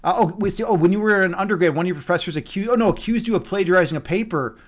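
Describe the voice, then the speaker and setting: A man hosting a livestream in casual chat, excitable and swearing often, repeating his phrases as he talks. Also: high voice, racing. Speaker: livestream host.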